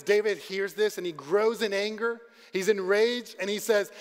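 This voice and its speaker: A man with a fairly high voice preaches a sermon, asking his listeners question after question. He slows and drops to a quiet voice to stress key points, and his words ring with a long hall reverb. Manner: asks the congregation questions, slows and quiets for emphasis. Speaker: pastor.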